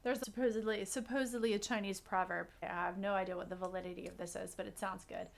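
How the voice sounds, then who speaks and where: A woman co-hosting a podcast in casual chat, telling stories in a reflective, animated way. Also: mid-range voice, quick pace, creaky. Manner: storytelling, reflective, animated asides. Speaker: podcast co-host.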